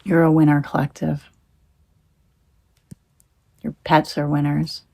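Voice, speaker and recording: Low gravelly-voiced woman rambling to her phone. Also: level tone, takes it slowly, warm tone. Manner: rambling, emphatic, swears when angry. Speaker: tarot reader. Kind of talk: rambling monologue to camera.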